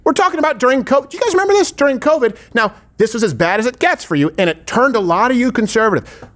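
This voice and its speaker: A man's voice: very high voice, sing-song, very fast, a bit bright. A man hosting a political talk show, asking rhetorical questions with heavy sarcasm. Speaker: host. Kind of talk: political commentary chat.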